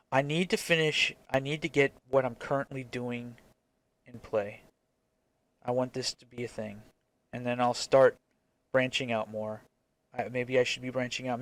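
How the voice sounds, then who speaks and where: A man's voice: medium pitch, a bit bright. A man with a mid-range voice musing to camera about his work as an indie game developer. He speaks frankly and circles back on himself with hesitant restarts. He swears casually. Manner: frank, rambling, swears freely. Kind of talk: casual reflective vlog.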